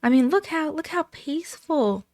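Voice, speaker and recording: A nervous young woman who hesitates and rambles as she talks, voiced by a woman. Her voice sits fairly high. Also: expressive, normal speed, darkish tone, dry recording. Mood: anxious. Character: anxious young woman, unsure about moving out.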